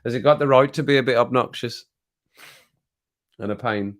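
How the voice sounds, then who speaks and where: A man's voice: medium pitch, moderate pace. A man hosting a casual live stream, chatting and reading viewer comments aloud with frequent laughter.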